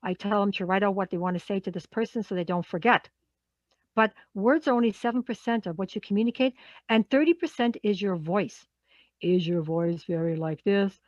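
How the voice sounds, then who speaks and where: A woman's voice: medium pitch, brisk, no room sound. Woman coach, dry dull recording. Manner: conversational, often checks in with a questioning "okay?". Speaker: workshop facilitator and coach. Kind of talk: live workshop talk.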